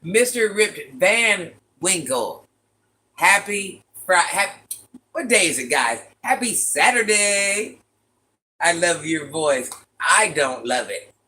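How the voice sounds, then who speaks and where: A woman with a deep, raspy voice hosting a casual livestream, chatting and teasing as she reads viewers' comments. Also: very animated, slow, pushed and bright. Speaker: livestream host reading chat. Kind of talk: casual live chat with viewers.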